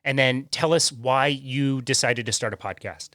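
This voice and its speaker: A man hosting a podcast, friendly and quick to laugh, interviewing a guest. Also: medium pitch, bright, forceful tone, no room sound, studio quality. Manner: friendly, laughs often, uses fillers. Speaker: podcast host. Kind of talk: casual interview chat.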